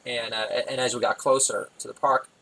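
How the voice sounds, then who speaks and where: A New man talks through a loose stand-up monologue at a middling pitch he never loses. He wanders off on tangents, loses his thread, and chuckles at his own punchlines. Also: flat delivery, fairly quick, pushed and bright, rough recording. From New York. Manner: rambling, digressive, laughs at own jokes. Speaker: comedy podcast host.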